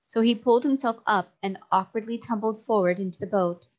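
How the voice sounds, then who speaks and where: A woman narrating a children's novel aloud in a steady, even way. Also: mid-range voice, a little fast. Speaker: storybook reader.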